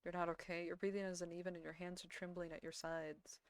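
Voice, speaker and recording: A woman's voice: fairly low pitch, little pitch movement, fast, very noisy. A young woman streamer reading a horror visual novel aloud, dramatic narration broken by giggles and reactions. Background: game music.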